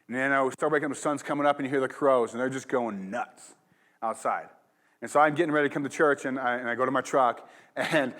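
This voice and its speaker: A man's voice: mid-range voice, fairly bright tone. A pastor giving a sermon, telling a rambling personal story in a casual, chatty way and laughing along as he goes. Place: church.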